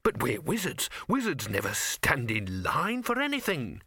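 A man's voice: medium pitch, huge pitch swings, unhurried, sharp tone, breathy edge, no room sound, studio quality, exaggerated voice. A man voicing a haughty, prickly old male wizard in an audiobook. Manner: haughty, huffy.

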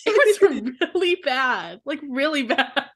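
A woman's voice: high voice, very animated, slow. A young woman in a blunt, joking casual chat, swearing freely.

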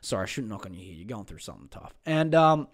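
On his casual solo podcast, a man rambles and swears, muttering to himself and mocking himself while hunting for material. His fairly low voice is very animated and fast.

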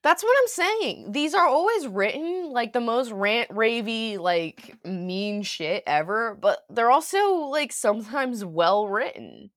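A woman's voice: a little high, expressive, slow pace, few pauses, a bit bright, no echo, studio quality. A young woman co-hosting a podcast, talking casually with lots of "like" and frequent laughter. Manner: rambling, lots of "like", laughs often. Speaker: podcast co-host. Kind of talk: casual chat.

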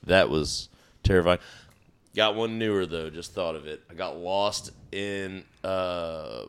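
A man on a podcast, telling stories in a casual, animated way, swearing freely and acting out his own panic. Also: deep voice, slow, smooth. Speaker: podcast guest. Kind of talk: casual storytelling chat.

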